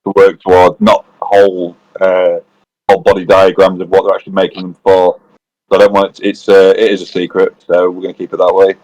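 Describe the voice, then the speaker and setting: A player describing his plans at a tabletop game. His voice is low and the sound dry and close, and he rambles and corrects himself as he talks. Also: monotone, fairly quick, darkish tone, no echo, lo-fi sound. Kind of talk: casual chat at a tabletop game.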